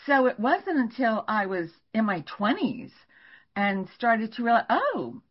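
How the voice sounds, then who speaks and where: Husky older woman telling stories, lo-fi. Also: fairly high pitch, measured pace. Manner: animated, laughs while telling stories. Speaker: guest astrologer. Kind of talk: storytelling in a podcast interview. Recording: dull lo-fi recording.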